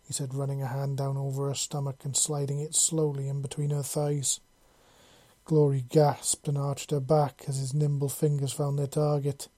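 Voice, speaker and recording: Very mellow, dry-voiced story narrator. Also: mid-range voice, monotone, normal speed, no room sound. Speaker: audiobook narrator. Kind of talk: reading fan fiction aloud.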